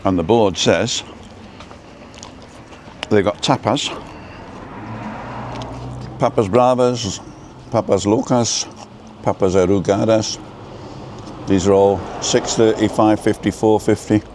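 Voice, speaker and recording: A man's voice: lowish voice, fairly even intonation, slow pace, long pauses, a little mellow. A man hosting a casual live stream from an outdoor food stop. He rambles between topics and reads out the names of viewers. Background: faint traffic and building work.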